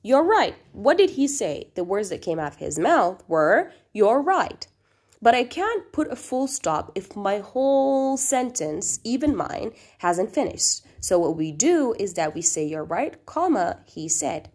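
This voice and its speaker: A woman gives a recorded grammar lesson in a very animated, darkish, mid-range voice, speaking a little slowly with few pauses. She explains patiently, often checks in with the class, and reads quoted lines in a lifted, performed way.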